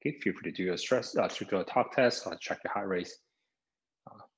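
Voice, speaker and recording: A man with a fairly low voice leads an online aerobics class over a video call. He is a little out of breath and opens nearly every instruction with "okay", counting down the last seconds of each set. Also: brisk, poor audio. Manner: begins most cues with "okay", counts down seconds. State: somewhat out of breath. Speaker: exercise instructor. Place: home via video call. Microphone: video call microphone.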